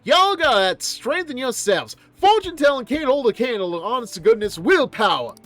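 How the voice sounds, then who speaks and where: A man reads out an earnest young woman fortune teller from a game, a former cult maiden. She speaks solemnly and from the heart in a fairly high, lively voice, with a blunt country drawl breaking through when she scolds. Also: moderate pace, no room sound. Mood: scolding. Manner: solemn and heartfelt, lapsing now and then into a blunt country dialect. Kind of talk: reading game dialogue aloud on stream.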